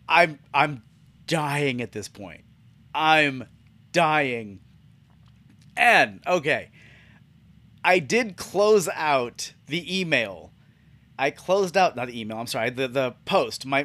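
A man's voice: a little high, bright, forceful tone, dry recording. Profane, exasperated man telling a story. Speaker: podcast host. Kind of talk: casual storytelling monologue.

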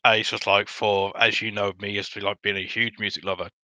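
A man as a podcast guest in casual chat, earnest and halting, full of fillers and restarts. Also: lowish voice, flat delivery, bright, forceful tone, no echo.

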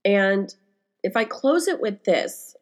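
She's a woman in her forties, a life coach hosting a solo podcast, sharing what happened during her week. Her medium-pitched voice has lively intonation but a slow pace, and she sounds emotional, almost crying, as she rambles frankly with many fillers and restarts.

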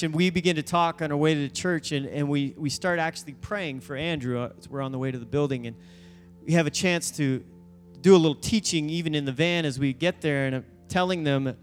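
A high-pitched man tells a story from the pulpit as a youth pastor, bringing each person in it to life. His voice carries a long reverb from a large church hall, and soft instrumental music plays underneath. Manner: animated storyteller, acting out voices in quotes. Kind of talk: sermon storytelling.

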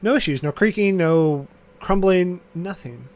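A man's voice: high voice, measured pace, a little mellow. A man running a tabletop game as game master, casual and often laughing.

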